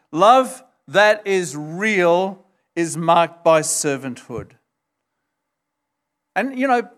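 Male pastor, higher-pitched voice, unhurried emphatic sermon delivery. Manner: emphatic, retells scripture with acted quotes.

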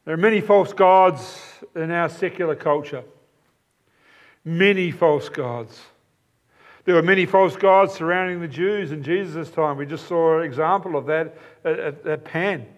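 A man's voice: on the high side, unhurried. A man preaching a sermon, explaining a passage with emphatic, repeated phrases.

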